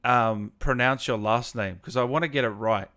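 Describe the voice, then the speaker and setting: A man hosting a live-stream gaming interview, chatty, excitable and informal, talking over a video call. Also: mid-range voice, normal speed. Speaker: gaming show host. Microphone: home microphone on a video call.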